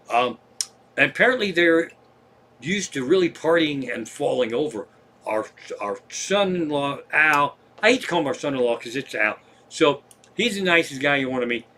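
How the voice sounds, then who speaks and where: A man's voice: medium pitch, pushed and bright. A man, a comedian, telling rambling, profane travel stories on a livestream from home. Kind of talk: casual stand-up storytelling.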